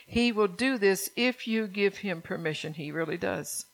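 Older woman, church speaker, gravelly voice, earnest conversational sermon, repeats phrases. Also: medium pitch, normal speed, few pauses, rough recording. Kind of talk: sermon mixed with personal testimony.

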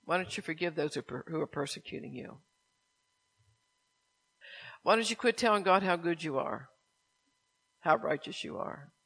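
A man's voice: a little high, normal speed, creaky, long pauses, fairly bright tone. A man preaching, reading a testimony aloud and then pressing listeners with rhetorical questions. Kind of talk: sermon with story reading.

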